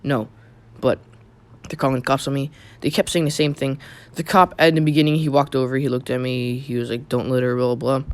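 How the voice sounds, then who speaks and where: A man's voice: medium pitch, fairly even intonation, a little fast. A young man casually telling a personal story on his channel, rambling with many fillers and restarts. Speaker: YouTube storyteller.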